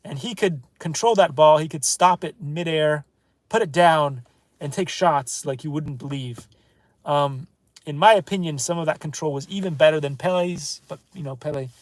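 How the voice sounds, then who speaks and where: A man hosting a casual book review, talking in a digressive, self-interrupting way with offhand asides and reading some phrases slowly. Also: fairly high pitch, dry recording. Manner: reads French phrases slowly and deliberately. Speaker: channel host reviewing books. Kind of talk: casual rambling review monologue.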